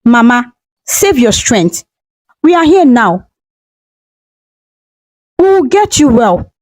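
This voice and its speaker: Brief: woman reading a remorseful grown son, tearful and pleading, high lively voice. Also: slow pace, no echo, full character voice. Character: grieving adult son, remorseful.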